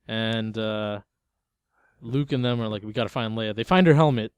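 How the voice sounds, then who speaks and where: A young man chatting on a podcast with a smooth, clear voice recorded dry and close. He retells a movie in an easygoing, animated way, slipping into quick impressions and laughing often. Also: lowish voice, dry recording. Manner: loose, animated retelling with lots of "like" and "yo", breaking into laughter. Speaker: podcast co-host. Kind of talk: casual movie discussion.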